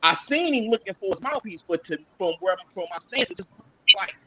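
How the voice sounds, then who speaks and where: A man's voice: sits high, animated, a little fast, noisy background. A man recounting a boxing match in casual chat, acting out his own reactions as he tells it. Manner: storytelling, acts out reactions.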